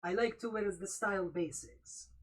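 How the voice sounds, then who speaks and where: A woman voicing a vain, perfectionist male gargoyle designer in a put-on French accent, halting as she hunts for words. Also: medium pitch, lightly acted, rough recording. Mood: haughty.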